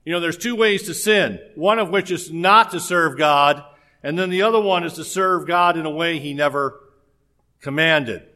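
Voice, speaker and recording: A man's voice: fairly high pitch, moderate pace, bright, forceful tone. A man preaching a sermon in a conversational way, with humorous asides.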